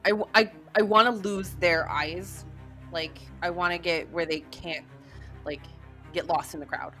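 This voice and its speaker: A young woman playing a tabletop game who asks quick, hesitant questions about what her character can do. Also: fairly low pitch, steady tone, bright, forceful tone, faint music behind. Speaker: player. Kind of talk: casual tabletop play.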